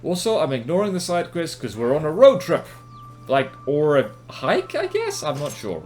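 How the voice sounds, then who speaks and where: A man's voice: fairly high pitch, huge pitch swings, normal speed, darkish tone, faint music behind. A man from New Zealand with a New Zealand accent, giving rambling, self-mocking commentary over his gameplay. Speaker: gaming commentator.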